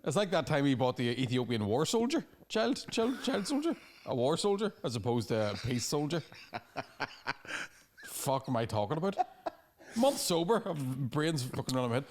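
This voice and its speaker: A man's voice: fairly high pitch, big pitch swings, normal speed, a little mellow, a little hiss or hum. A man co-hosting a comedy podcast, chatting casually, swearing and joking. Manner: sweary, joking, does mocking voices. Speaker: podcast co-host.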